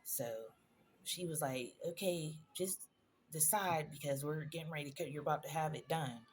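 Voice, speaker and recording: A woman's voice: sits low, normal speed, darkish tone, slight background noise. A woman in a personal vlog, telling a painful story in a conversational, emotional way, addressing viewers directly. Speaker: vlogger.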